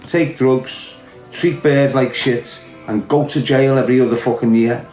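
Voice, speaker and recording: A man's voice: mid-range voice, fairly even intonation, a little slow, a little mellow. A middle-aged man with a Liverpool accent, talking as a podcast host in a blunt, sweary, lecturing monologue. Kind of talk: unscripted monologue to camera. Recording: roomy echo with faint music.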